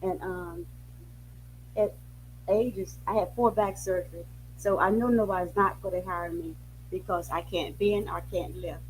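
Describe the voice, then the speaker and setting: A soft-spoken woman giving a hesitant testimony on a call, pausing often with many ums. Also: lowish voice, fairly even intonation, a little hiss or hum, poor audio.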